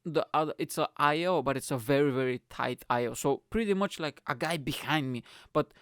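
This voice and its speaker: A man's voice: on the high side, a little fast, smooth, dry recording, clean studio sound. A man hosting a comedy podcast, ranting profanely in a casual monologue and calling the listener mate and bro. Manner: animated, profane, swearing ranter; tends to end lines with "mate" and "bro".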